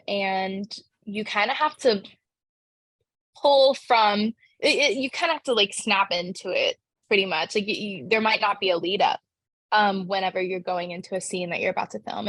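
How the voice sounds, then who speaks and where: Young woman, actress guest, bubbly, chatty, middle pitch, dry close sound. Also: lively intonation, moderate pace, a bit bright, dry recording. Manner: bubbly, chatty, many "like" fillers. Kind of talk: casual interview answers.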